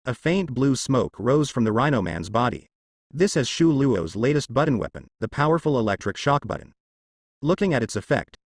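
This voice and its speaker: A man giving steady scripted narration of a translated web novel, reading sound-effect words aloud. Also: mid-range voice, no echo, clean studio sound.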